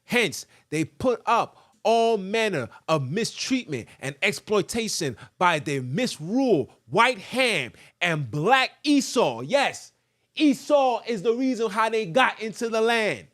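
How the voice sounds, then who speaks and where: A man's voice: high voice, big pitch swings, takes it slowly, a bit bright. Fiery preachy man reading aloud. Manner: preachy, emphatic, breaks off into sung asides. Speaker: podcast host. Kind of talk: fiery podcast monologue reading and commenting.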